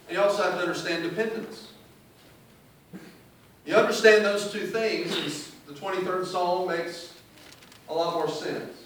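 A man's voice: on the high side, fairly bright tone. Echoey distant male preacher. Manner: emphatic, reads scripture aloud then paraphrases it conversationally. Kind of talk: sermon. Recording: very echoey room, distant mic, faint hiss.

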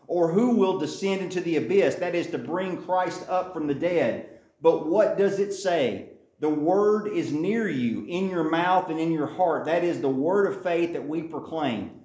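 Man teaching scripture, echoey room. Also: on the high side. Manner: reads scripture aloud then explains it, repeats key points. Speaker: Bible teacher. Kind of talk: Bible study teaching.

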